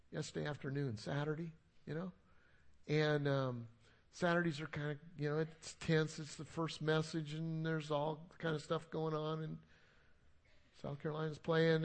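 A middle-aged man, a pastor, preaching a sermon in a conversational, self-deprecating storytelling way. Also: fairly high pitch.

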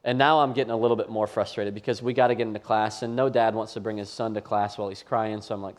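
A man's voice: fairly low pitch, steady tone, fast talker, hardly any pauses. Conversational storytelling pastor, a man. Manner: conversational storytelling, self-deprecating. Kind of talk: sermon. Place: church campus before a live audience.

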